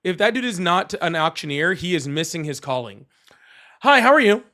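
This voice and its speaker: A man's voice: high-pitched, big pitch swings, normal speed, bright, forceful tone. A man hosting a live call-in stream, chatting casually with lots of "like" and "dude.". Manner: casual, laughing, says "dude" and "like" a lot. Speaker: host.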